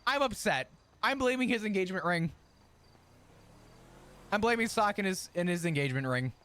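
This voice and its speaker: A man's voice: high voice, lively intonation, moderate pace, fairly bright tone. A man streaming a roleplay game in character, chatting in a profane, ranting way and laughing often. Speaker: streamer role-playing his character.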